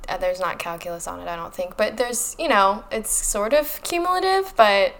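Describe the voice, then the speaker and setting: Sarcastic, animated woman podcast co-host. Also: medium pitch, normal speed. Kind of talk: casual book discussion.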